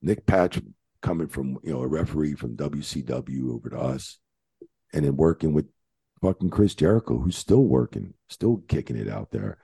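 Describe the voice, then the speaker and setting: A man with a very low, gravelly voice and a dark, husky tone tells wrestling-road stories in loose chat, swearing freely and jumping up in pitch when he acts out what others said. He is from New Jersey, and the sound is dry and close. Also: moderate pace, no echo. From New Jersey, USA. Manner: animated storyteller, swears freely, acts out quotes. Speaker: retired wrestling referee, guest. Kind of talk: casual chat.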